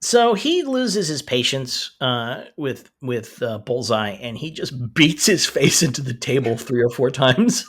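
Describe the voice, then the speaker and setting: Lively-voiced man in casual show chat. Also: medium pitch, measured pace, hardly any pauses. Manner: animated, laughing, quoting characters in asides. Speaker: podcast co-host.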